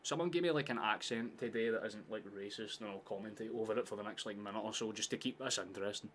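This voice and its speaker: Low, bright-voiced man watching football. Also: quick pace, a little hiss or hum. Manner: laid-back, swears often, sudden shouts at chances. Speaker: streamer hosting a football watchalong. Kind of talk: casual live watchalong chat.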